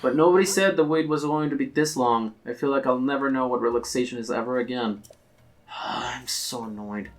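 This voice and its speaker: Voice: mid-range voice, normal speed, close to an everyday voice. A game player voicing an impatient woman stuck in a long line, grumbling and exasperated, reading game dialogue aloud.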